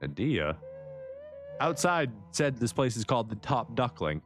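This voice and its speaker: A livestreaming gamer with a medium-pitched, sing-song voice talks a little slowly over faint music. While playing a survival game live, he chats and jokes at the characters.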